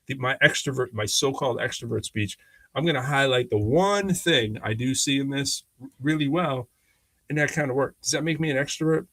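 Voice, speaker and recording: A man's voice: mid-range voice, brisk, no echo. A man in mid-range tells stories on a podcast in an easygoing, conversational way, slipping into the voices of the people he quotes. The recording is dry and close, with no room sound. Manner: animated, acts out quoted voices, laughs often. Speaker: podcast co-host. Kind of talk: casual conversational storytelling.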